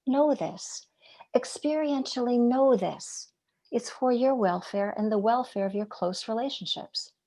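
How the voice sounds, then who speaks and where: A woman giving a reflective dharma talk as a meditation teacher. She speaks gently and in a measured way, asking rhetorical questions and dropping some phrases to a near whisper. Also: fairly high pitch, expressive.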